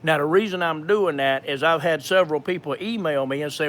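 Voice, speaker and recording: A man's voice: on the high side, a little fast, fairly bright tone. A man in his fifties with a thick Georgia accent, talking in a folksy, rambling way with many fillers and restarts during a live question-and-answer session. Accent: thick Georgia Southern. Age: 50s. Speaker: ministry speaker.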